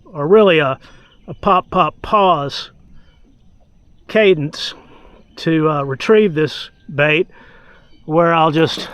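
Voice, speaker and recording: A man calmly talking through his fishing from a boat on a lake, often sighing. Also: a little high, slow, pauses often, clear, resonant tone. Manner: relaxed, talks to the fish, frequent sighs. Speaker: fishing vlogger. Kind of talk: casual on-the-water commentary.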